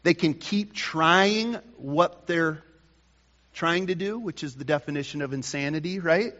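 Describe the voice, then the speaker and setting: A man preaching a sermon at an unhurried, deliberate pace, his voice sitting a little high for a man. He swings between loud, emphatic bursts and soft, quiet lines. The sound is dull and rings with a long reverb from a large hall. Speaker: pastor.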